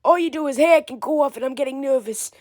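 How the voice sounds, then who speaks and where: A woman's voice: sits high, brisk, darkish tone, dry recording, studio quality. A woman performing a comedic character skit, chatting in a teasing, fretful way.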